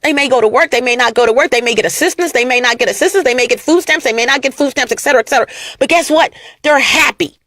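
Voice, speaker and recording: A fairly high-voiced woman rants casually to her viewers, mocking and animated. She laughs at her targets and hammers points home by repeating them. Her voice sounds close and dry, with no room around it. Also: rapid-fire, no echo. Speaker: vlogger. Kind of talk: casual ranting monologue to camera.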